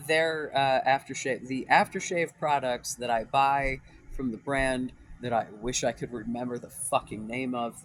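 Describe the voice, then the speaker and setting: A man's voice: mid-range voice, fairly bright tone, no echo, low-quality recording. A young man ranting in a casual vlog, rambling and exasperated, swearing often and restarting his sentences. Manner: rambling, profane, exasperated, many fillers and restarts. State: voice cracking after crying. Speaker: dating advice vlogger.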